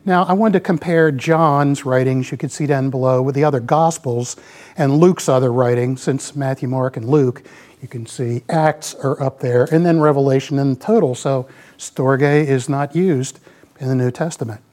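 Speaking at a moderate pace in a medium-pitched, darkish voice, a man in his sixties rambles through a folksy church talk. It's an informal sermon with slides, and "you know" comes up constantly.

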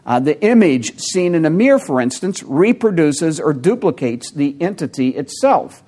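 A man preaching an expository sermon to his congregation, explaining word meanings in a measured way with occasional fillers, and pausing to ask the listeners questions. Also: fairly high pitch, big pitch swings, dark tone. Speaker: pastor.

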